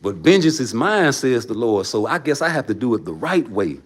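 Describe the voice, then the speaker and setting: A man ranting on his livestream, profane and preachy, swinging between loud outbursts and low mutters. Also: sing-song, moderate pace. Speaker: livestream host. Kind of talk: heated casual rant.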